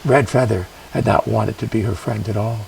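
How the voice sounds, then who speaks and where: A man telling a traditional legend in a measured, expressive way with dramatic pauses. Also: lowish voice, vocal fry, recorded from a distance, a little hiss or hum, rough recording. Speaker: storyteller. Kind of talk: traditional storytelling performance.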